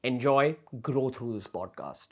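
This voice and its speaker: Young man, podcast host, enthusiastic, lively delivery. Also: medium pitch, brisk. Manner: energetic, enthusiastic intro. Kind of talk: casual podcast chat.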